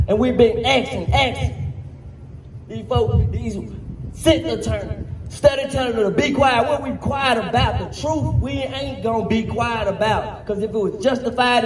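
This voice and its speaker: A very high-pitched man, a family member of the deceased, delivers a fierce, defiant rally speech about his brother's death, breaking into shouts now and then. The outdoor rally recording is noisy, echoey and distant.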